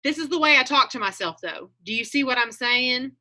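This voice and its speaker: A woman's voice: high-pitched, lively intonation, a little fast, pushed and bright. A woman, talking on a video call, telling chatty stories and acting out her own thoughts as she coaches a group.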